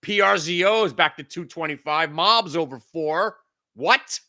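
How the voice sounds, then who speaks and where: A man's voice: fairly high pitch, measured pace, sharp tone. A middle-aged man hosting a live stock trading room, ranting frantically with lots of swearing. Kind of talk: live market commentary.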